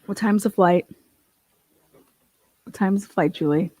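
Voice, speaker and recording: A woman's voice: medium pitch, unhurried, warm tone, no echo. A woman hosting a casual true crime livestream, swearing freely, laughing and reading court documents aloud. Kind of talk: casual profane livestream commentary.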